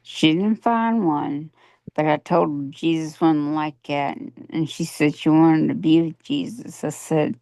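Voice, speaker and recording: A woman's voice: low-pitched, steady tone, a little slow, mellow, no room sound. A woman telling a personal story in a coaching session, earnest and plain-spoken, acting out what people said. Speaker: coaching client.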